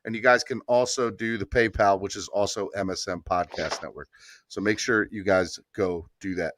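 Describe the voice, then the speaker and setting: A man's voice: fairly low pitch, steady tone, moderate pace, a bit bright, dry recording. A man hosting a casual sports talk podcast, laughing often and urging listeners to donate. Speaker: podcast host. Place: Baltimore area.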